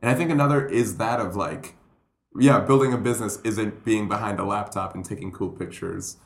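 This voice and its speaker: A young male comedian sits in as a podcast guest, his voice low and a bit deep. He rambles through his stories and acts out the people he quotes. His voice echoes around the room. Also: brisk. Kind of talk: casual podcast chat. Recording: roomy echo.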